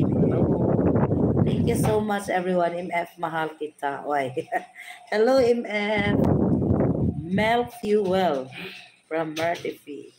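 A woman with a Filipino accent hosting a live stream, reading viewers' names aloud and giving shout-outs. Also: lowish voice, very noisy. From Philippines.

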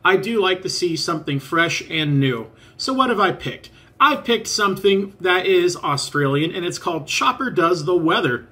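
A man's voice: sits high, expressive, moderate pace, hardly any pauses, pushed and bright. A man hosting his own reaction channel, introducing clips in a chatty, upbeat way. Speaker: reaction video host. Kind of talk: casual reaction vlog.

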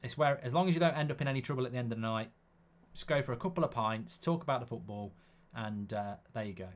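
A man's voice: mid-range voice, animated, quick pace. A man hosting a live football watchalong, reading viewer comments aloud and giving blunt, chatty opinions.

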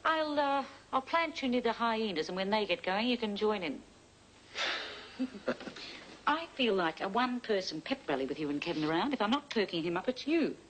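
Actress playing a brisk, teasing mum. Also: female voice, medium pitch, lively intonation, slight background noise, lightly acted, rough recording. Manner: brisk, chiding. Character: cheerful, teasing middle-aged mother. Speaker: mother and wife. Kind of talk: 1980s TV soap acting.

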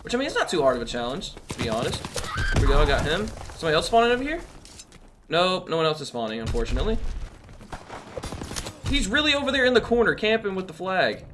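A man's voice: high voice, huge pitch swings, quick pace, long pauses, noisy background. A young man giving chatty, slang-filled live commentary over his gameplay, often exclaiming and laughing. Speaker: gaming youtuber.

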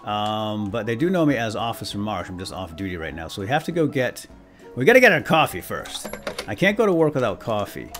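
A man giving playful, jokey gameplay commentary as a let's play host, excitable and prone to chuckles and whoops. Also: on the low side, brisk, soft background music.

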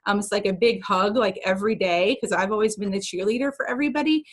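A woman's voice: mid-range voice, slightly rough, poor audio. Earnest, emotional woman telling her story. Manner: emotional, earnest, fast-talking. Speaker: new team member sharing her story. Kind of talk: casual personal testimony on a video call. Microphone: video call.

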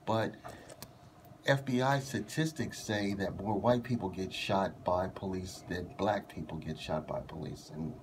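A man's voice: sits low, measured pace, noisy background. An American man hosting a casual radio interview, blunt and joking. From United States. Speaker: radio host.

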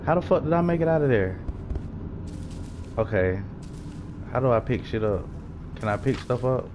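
A man's voice: mid-range voice, lively intonation, normal speed, background noise. A young man giving jumpy, swearing let's-play commentary with nervous laughter while playing a horror game. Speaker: gaming YouTuber.

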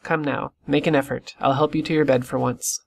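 A man reading the part of a stern, brisk country doctor who scolds with crisp authority. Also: medium pitch, little pitch movement.

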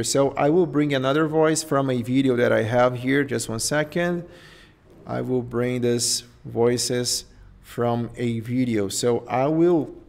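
Male host, Portuguese accent, unhurried live tutorial delivery, thinks aloud with frequent "okay?" check-ins. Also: mid-range voice, a little mellow. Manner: thinks aloud, tags phrases with "okay?" and "right?". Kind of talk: live screen-share tutorial.

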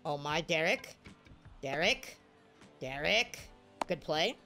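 A woman's voice: low-pitched, takes it slowly, soft background music. A woman giving live video game commentary, cheering and groaning at every play. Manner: excitable, cheers and groans at plays. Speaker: gaming streamer.

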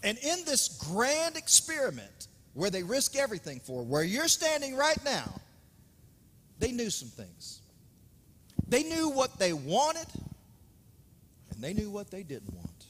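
A man preaching a sermon with dramatic swings between loud emphasis and hushed asides. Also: high-pitched, huge pitch swings, a little slow, pauses often, slightly rough. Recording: reverberant hall, speaker off-mic at times.

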